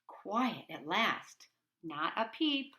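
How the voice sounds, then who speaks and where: Hushed woman reading a bedtime story. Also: medium pitch, very animated, very slow. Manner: hushed, half-whispered storytelling with playful loud bursts. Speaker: children's storybook reader. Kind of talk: bedtime read-aloud for children.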